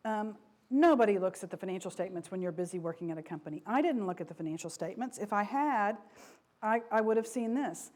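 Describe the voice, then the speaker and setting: A woman's voice: medium pitch, a little fast, a little mellow. A middle-aged woman giving a lecture to an audience, speaking frankly and conversationally, with frequent asides and restarts. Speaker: speaker, former company vice president.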